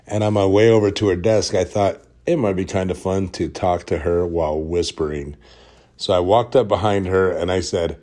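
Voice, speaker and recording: A man hosting a podcast, telling a deadpan workplace story in a casual, joking way and dropping into whispers to act out the scenes. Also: low voice, brisk. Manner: deadpan, joking storyteller who drops into whispers when retelling. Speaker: podcast host.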